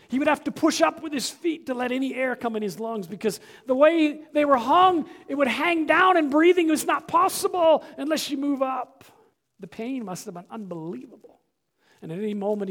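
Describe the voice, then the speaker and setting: A male pastor delivers a sermon with a strikingly high-pitched voice. He moves between quiet, hushed stretches and loud, shouted climaxes, telling the story with dramatic intensity.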